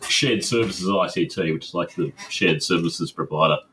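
A man answering interview questions in a measured, explanatory way, with many pauses and ums. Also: low voice, noisy background. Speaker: guest, crypto miner.

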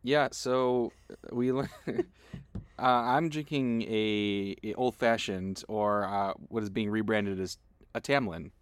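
A man's voice: lowish voice, takes it slowly, smooth, no room sound. A man in his late thirties co-hosting a casual podcast chat in an easygoing, wry way. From Wisconsin. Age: 30s. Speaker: podcast co-host.

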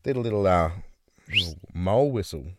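A man's voice: low voice, lively intonation, a little fast, noisy background. A man, co-hosting a podcast in casual, joking chat full of swearing and teasing. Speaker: podcast co-host.

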